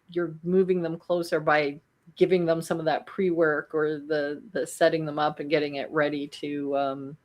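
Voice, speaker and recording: A woman hosting a video call interview with a slightly low voice. She talks casually in a halting way, full of fillers and restarts. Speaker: podcast host. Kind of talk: conversational interview.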